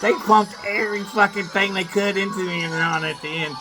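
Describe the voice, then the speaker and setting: A man's voice: high-pitched, steady tone, brisk, music in the background. A man in a rambling self-filmed monologue, boastful, swearing freely and breaking into laughter between phrases.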